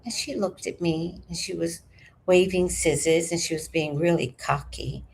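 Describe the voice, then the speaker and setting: A woman in her forties hosting a livestream, telling stories in a casual, animated way that swings from hushed to loud. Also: on the low side, moderate pace, creaky, a little hiss or hum. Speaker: livestream host. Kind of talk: casual storytelling to a live chat.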